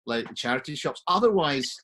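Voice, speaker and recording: A man, a crime writer, chatting on an online panel as an animated, laughing storyteller. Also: a little high, normal speed. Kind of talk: casual online panel chat. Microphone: video call.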